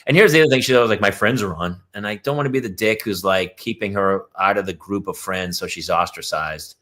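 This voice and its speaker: A man's voice: fairly low pitch, quick pace, fairly bright tone. A middle-aged man telling a parenting story on a livestream chat, acting out his kids' voices as he goes. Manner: acts out his kids' voices in quoted lines. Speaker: podcast co-host. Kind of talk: casual chat, animated storytelling. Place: home, on a livestream. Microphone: video call.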